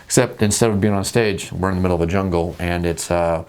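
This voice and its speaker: A man hosting a casual talk about tabletop games, jokey and animated, acting out scenes at the table. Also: sits low, fast talker, smooth. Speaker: host.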